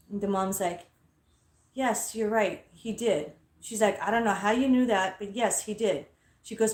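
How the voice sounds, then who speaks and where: A woman casually telling a story, animated and profane, quoting herself loudly. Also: mid-range voice, moderate pace, roomy sound.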